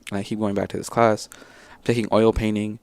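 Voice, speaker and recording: A man's voice: lowish voice, level tone, fairly quick, a little mellow. A man telling his story casually as an interview guest, rambling and acting out what his teachers said. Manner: rambling, acts out teachers' lines.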